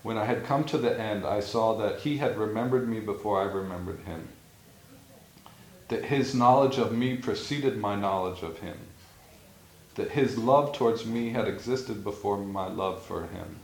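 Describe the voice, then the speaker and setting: A meditation or yoga teacher gives an informal spiritual talk in a fairly low voice at a moderate pace. He's reflective, tells stories, and laughs now and then, recorded in an echoey room with faint ambience.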